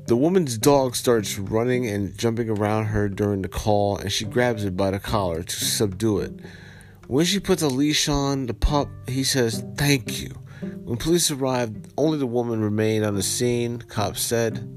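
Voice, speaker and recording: A man with a low voice hosts a podcast. He reads the news plainly and then speaks his mind in blunt, profane terms. Faint music plays underneath. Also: moderate pace. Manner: blunt and profane, heated when ranting. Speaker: podcast host. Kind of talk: reading a news story aloud, then ranting commentary.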